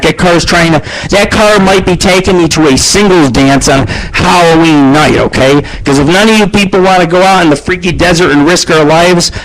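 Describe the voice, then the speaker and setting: A middle-aged man hosting a radio show, ranting crudely and boastfully in a rambling monologue. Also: low-quality recording. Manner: profane, boastful, rambling, shifts pitch for jokes. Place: abandoned house.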